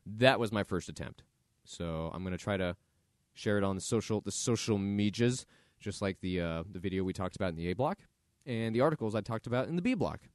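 A man's voice: fairly low pitch, expressive, brisk, no echo, clean studio sound. A man hosting his own podcast, talking casually and thinking aloud with fillers. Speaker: podcast host. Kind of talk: casual solo podcast monologue.

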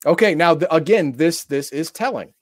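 A man's voice: on the high side, lively intonation, moderate pace, dry recording. A man reading tabletop game rules aloud in casual chat, breaking into exasperated, profane rants.

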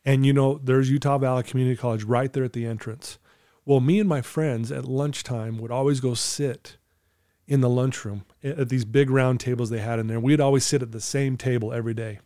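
A man's voice: mid-range voice, fairly even intonation, a little fast, dark tone, no room sound, studio quality. Earnest man telling a painful story. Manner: earnest, candid, storytelling with quoted inner thoughts. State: emotional, clearing his throat. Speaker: guest telling his life story. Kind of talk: emotional personal testimony.

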